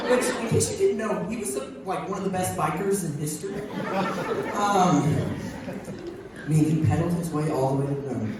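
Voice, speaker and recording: A young teenage boy tells rambling funny stories at a school talent show, laughing along with his own jokes. His voice is high and sounds from far off the mic. The big hall rings with echo, with a crowd and noise behind. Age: young teen. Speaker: student comedian. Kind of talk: stand-up storytelling. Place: large school hall with an audience.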